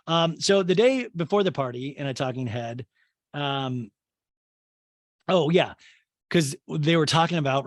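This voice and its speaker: A man's voice: mid-range voice, no echo, clean studio sound. Chatty, sarcastic man recapping TV. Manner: chatty and sarcastic, jumping into quick voices and asides. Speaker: podcast host recapping a reality show. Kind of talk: casual comedic recap commentary.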